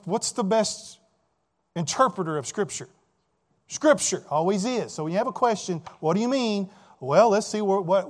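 High-voiced male preacher, emphatic. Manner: asks rhetorical questions, many "right?" tags and repeated words; emphatic, swings between loud and soft. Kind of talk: sermon.

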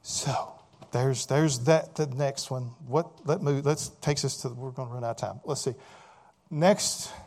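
A man's voice: medium pitch, fairly even intonation, measured pace, a little mellow. A man preaching a sermon in a conversational way, often asking the listeners rhetorical questions and repeating words. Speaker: pastor.

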